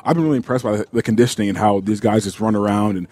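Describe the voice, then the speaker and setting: A young American man talks as a guest on a sports radio show. His voice sits low and he speaks quickly. He answers politely and respectfully, often calling the hosts "sir". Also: fairly even intonation, dark tone. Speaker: guest football player. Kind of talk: casual radio interview.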